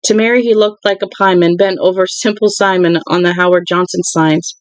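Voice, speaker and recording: An audiobook reader narrating a novel in an even, unhurried way, with a middle pitch. The recording is dry and close, with no room sound. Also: smooth, no echo, low-quality recording. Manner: even, unhurried reading with occasional restarts. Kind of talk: reading a novel aloud.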